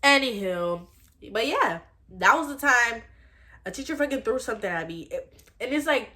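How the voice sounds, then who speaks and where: A young adult woman telling a personal story in a blunt, profane, animated storytime way. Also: a little high, normal speed. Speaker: storytime vlogger. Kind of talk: casual storytime.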